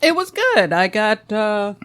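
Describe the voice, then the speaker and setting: A woman's voice: medium pitch, sing-song, unhurried, fairly bright tone, no echo, clean studio sound. A woman co-hosting a podcast in playful, giggly banter. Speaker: podcast co-host. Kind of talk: casual chat.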